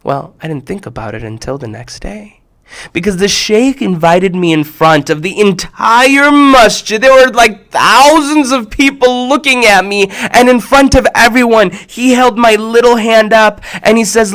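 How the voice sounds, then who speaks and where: Man, storyteller, high-pitched, expressive, shifts between loud and hushed. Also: measured pace. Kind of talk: animated personal storytelling for kids.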